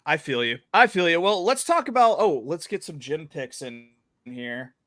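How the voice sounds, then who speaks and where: A man's voice: fairly high pitch, big pitch swings, moderate pace, fairly bright tone, no room sound, studio quality. A man hosting a casual sports betting chat, talking in a chatty, playful way with frequent fillers. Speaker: podcast host.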